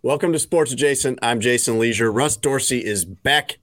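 A man's voice: mid-range voice, normal speed, a bit bright, a little hiss or hum. A man hosting a podcast in casual banter, rambling and joking with lots of "like" fillers. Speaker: podcast host.

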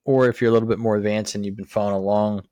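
A man with a very low, level voice talks through lawn steps in an easygoing, rambling way. He leans on ums and uhs as he goes. The sound is dry and close. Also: rapid-fire, dry recording. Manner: relaxed, filler-heavy explaining. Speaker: podcast co-host. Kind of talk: casual how-to chat.

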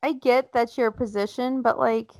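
A woman co-hosting a casual chat, blunt and animated, acting out quotes as she talks. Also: on the high side, normal speed, no room sound, rough recording. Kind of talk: casual chat about wrestling.

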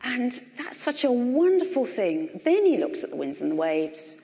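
A middle-aged woman preaching a sermon in a conversational, animated way with wry humour, recorded in a church. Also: fairly high pitch, normal speed, vocal fry. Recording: long reverb of a large hall.

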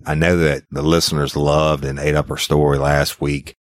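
A man hosts a podcast in a drawling, folksy style, tossing in "y'all" during casual talk. His voice rumbles low with little pitch movement, he speaks at normal speed, and there's no room sound.

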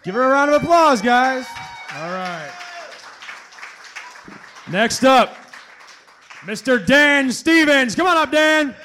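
Slam emcee: man, very high and bright voice, slow-paced, loose and profane, faint noise behind. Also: animated, a faint crowd. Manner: loose, profane, calls out scores. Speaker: poetry slam host. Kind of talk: emceeing a live poetry slam.

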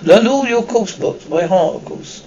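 A bossy young witch who rattles off everything she knows at speed, as a man reading the book puts her on. The voice sits a little high with a gravelly grain, and the tone is a storybook one. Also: sing-song, a little mellow, dull audio, full character voice. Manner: talks very fast and bossily. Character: bossy know-it-all schoolgirl witch.

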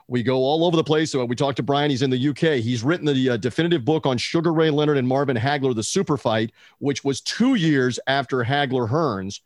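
A man's voice: medium pitch, no echo, clean studio sound. A man hosting a podcast, telling stories in an enthusiastic, rambling casual chat. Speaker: podcast host.

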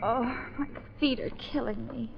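A sassy young secretary. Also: female voice, fairly high pitch, unhurried, gravelly. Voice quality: sassy, insistent. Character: sharp-tongued young female secretary. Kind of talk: 1940s radio acting. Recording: lo-fi old radio, light noise.

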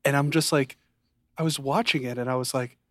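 A man's voice: brisk, dry recording, clean studio sound. A man co-hosting a podcast, chatting casually and acting out quotes from a show in a raised voice. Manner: animated, acts out quotes in a high voice. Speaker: podcast co-host. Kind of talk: casual chat recapping a show.

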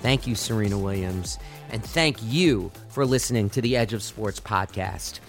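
A man's voice: on the low side, moderate pace, faint music behind. A man hosting a sports podcast, delivering impassioned, argumentative solo commentary.

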